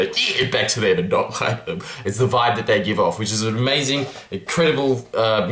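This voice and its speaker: A man's voice: lowish voice, fairly bright tone. A young man giving a casual self-help talk to camera, earnest and rambling, with many restarts. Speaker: vlogger. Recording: roomy echo.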